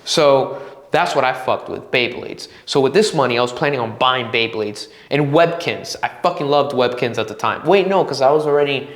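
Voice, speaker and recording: A man's voice: medium pitch, moderate pace. A man in his twenties hosting a solo podcast, telling a rambling, profanity-heavy story and acting out his own quotes. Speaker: podcast host. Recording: roomy echo.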